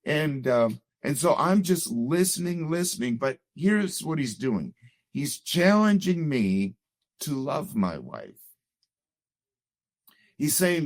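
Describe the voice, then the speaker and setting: A middle-aged man, a guest, earnestly tells the story of his marriage in conversation, reflective and sprinkling in lots of "you know." His voice sits on the high side and is very animated, though he takes it slowly, and the recording is dry.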